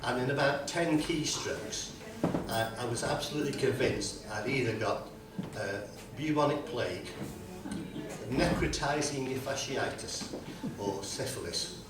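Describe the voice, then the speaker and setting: Halting man telling a rambling comic story. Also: medium pitch. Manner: rambling, self-deprecating, many halting fillers. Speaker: folk singer introducing his song. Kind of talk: live stage storytelling between songs. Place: live music venue with audience. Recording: roomy live recording from a distant mic with guitar.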